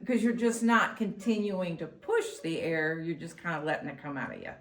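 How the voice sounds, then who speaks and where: A woman's voice: on the low side, lively intonation, moderate pace. A woman flute teacher explaining technique in a patient, instructional way. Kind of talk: instructional demonstration. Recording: echoey room with faint noise.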